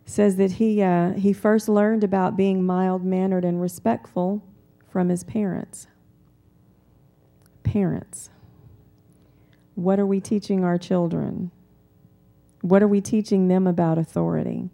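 A woman preaching a sermon in a calm, conversational way, weaving in personal stories. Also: on the low side, a little slow, creaky, long pauses.

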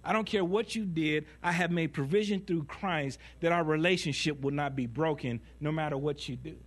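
A man voicing God as a calm, patient, plainspoken father figure who gently teases and corrects. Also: fairly high pitch, normal speed, close to an everyday voice. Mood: firm.

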